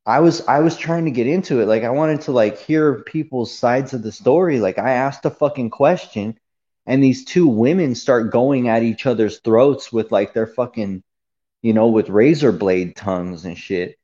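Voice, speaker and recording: A man tells a long story on a livestream in a heated, profane, meandering rant, full of fillers and asides. His voice sits in a middle pitch. The recording is dull and lo-fi. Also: moderate pace, dark tone. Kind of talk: casual ranting monologue.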